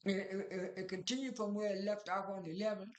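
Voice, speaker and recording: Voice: mid-range voice, steady tone, brisk, roomy sound. A speaker casually recapping a reality show at home, rambling through scenes with many fillers, restarts and retold dialogue.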